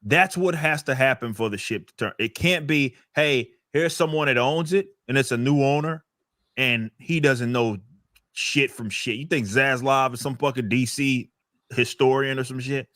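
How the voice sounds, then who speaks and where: A man's voice: medium pitch, normal speed, fairly bright tone, no echo, clean studio sound. A man chatting on a podcast, ranting and swearing, often repeating words as he thinks. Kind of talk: casual podcast chat.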